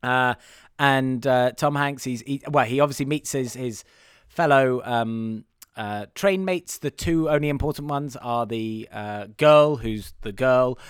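A young man co-hosting a casual comedic chat over a remote call, rambling with restarts and quick impressions. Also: medium pitch, clear, resonant tone, no room sound, clean studio sound. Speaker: podcast co-host.

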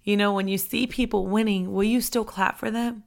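A woman giving an impassioned, conversational devotional talk into a microphone, her fervent delivery rising to shouts. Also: medium pitch, steady tone, moderate pace, creaky. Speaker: ministry preacher. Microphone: handheld microphone.

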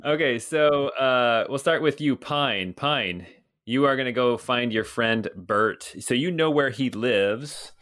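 A man narrating as game master of a tabletop game, slow and deliberate, searching for words as he describes scenes. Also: mid-range voice, fairly bright tone.

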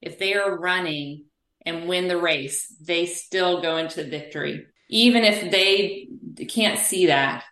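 Guest spot: low-pitched woman, animated storyteller, physical therapist, roomy echo on her. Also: slow. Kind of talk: conversational interview.

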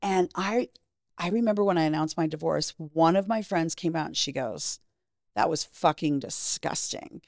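A woman's voice: sits low, lively intonation, normal speed, darkish tone, no room sound, studio quality. A middle-aged woman from Canada, a guest in an interview, telling personal stories candidly and bluntly, with some swearing. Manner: frank, profane, acts out quoted voices. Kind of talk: candid storytelling.

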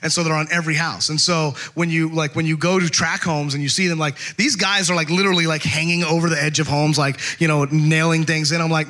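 A man preaching a casual, conversational sermon, telling a personal story with lots of fillers and animated asides. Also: fairly high pitch, fast, few pauses. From California. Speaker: pastor.

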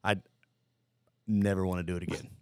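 A man's voice: deep voice, little pitch movement, brisk, clean tone, no room sound, studio quality. A man telling boot camp war stories in a casual podcast chat, profane and rambling, full of filler words. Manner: rambling, profane, lots of "like" and "dude".

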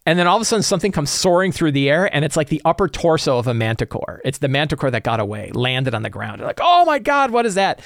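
A man casually sharing advice as a tabletop game master, animated and acting out his players' reactions. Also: mid-range voice, fast talker, creaky, hardly any pauses, no echo, clean studio sound. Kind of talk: casual tips talk.

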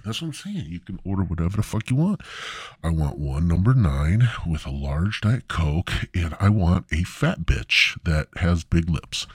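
A man's voice: low-pitched, very animated, normal speed, slightly rough, no room sound, clean studio sound. A man hosting a comedy podcast, delivering a profane, rambling, mock-indignant rant. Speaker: podcast host.

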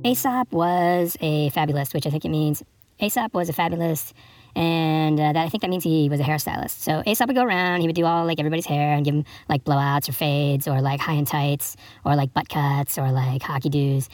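A man rattles through an improvised comic story at a brisk clip, crude and profane, rambling from one tangent to the next. He hosts a podcast and reads a fable aloud between jokes. The sound is close and dry, with no room around it. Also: on the high side, dry recording. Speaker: podcast host.

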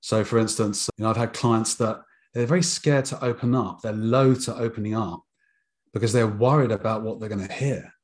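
A British man who works as a therapist, speaking in a measured, thoughtful way during a conversation. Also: on the low side. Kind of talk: casual conversation.

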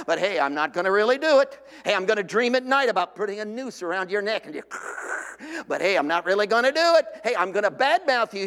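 Preacher doing a touchy church guy, mock-earnest and defensive, fairly high voice, long church echo. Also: a bit bright. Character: hot-tempered churchgoing man, grudging, self-justifying.

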